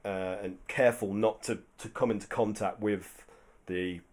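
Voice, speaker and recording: Man, game master, rambling narration, many restarts, lowish voice. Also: steady tone, moderate pace, darkish tone, slight background noise.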